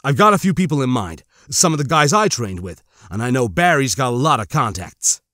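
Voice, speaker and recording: A man's voice: mid-range voice, sing-song, brisk, a bit bright, dry recording, clean studio sound. A man voicing an easygoing young male soldier who talks casually with small hesitations, in an audiobook.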